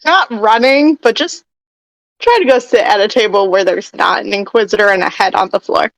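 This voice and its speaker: A woman's voice: mid-range voice, moderate pace, creaky, dry recording, poor audio. A woman playing a tabletop game, talking casually and with amusement. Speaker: player.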